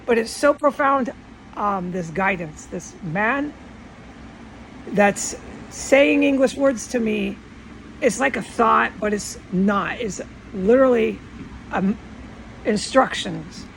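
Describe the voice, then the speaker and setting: Gravelly woman rambling defensively. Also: on the high side, slow, long pauses, a little hiss or hum, low-quality recording. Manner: defensive, rambling, repeatedly insisting. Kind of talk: casual monologue vlog. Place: at home.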